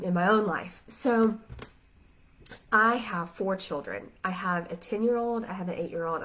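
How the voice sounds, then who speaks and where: A woman fresh from crying speaks on a live stream, her voice sitting a touch low. She halts often and fills gaps with "um", emotional but pressing on. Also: poor audio. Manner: tearful, halting, many fillers. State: just finished crying, emotional. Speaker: Christian life coach. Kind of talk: casual live video talk. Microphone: phone or laptop live stream.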